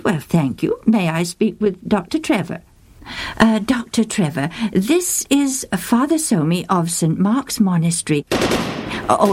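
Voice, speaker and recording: A woman's voice: mid-range voice, darkish tone. A woman voicing a polite, flustered male priest and librarian who hesitates with frequent "uh"s and apologies. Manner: hesitant, with many ums and apologetic asides.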